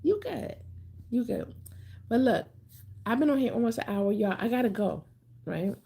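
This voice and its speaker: A woman's voice: fairly high pitch, lively intonation, normal speed, vocal fry, mellow, breathy edge. A woman hosting a casual livestream, chatting playfully with viewers and reading their comments aloud, often repeating herself for emphasis. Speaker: livestream host.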